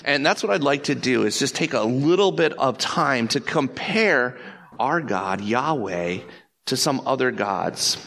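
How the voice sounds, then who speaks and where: Slow, conversational male preacher. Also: medium pitch, creaky. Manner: conversational preaching, animated, drops to soft emphatic repetition. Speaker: pastor. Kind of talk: sermon.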